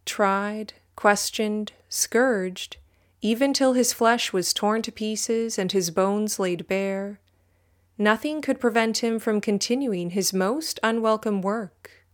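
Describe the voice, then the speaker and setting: A woman reading a religious history text aloud in a measured, solemn way, speaking the footnote citations too. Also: mid-range voice. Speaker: audiobook reader.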